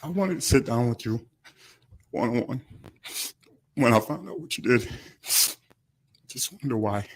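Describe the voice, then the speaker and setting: Crying man with a husky voice. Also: mid-range voice, animated. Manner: emotional, halting, breaks off mid-sentence. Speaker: victim giving a statement in court. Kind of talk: courtroom victim impact statement. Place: courtroom. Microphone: podium microphone.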